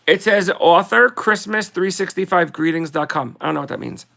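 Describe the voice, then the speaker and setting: A woman in a casual video, reading short holiday poems aloud slowly and sing-song, with chatty asides between them. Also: on the low side, creaky, fairly bright tone. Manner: giggly, reads verses slowly and sing-song. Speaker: vlogger.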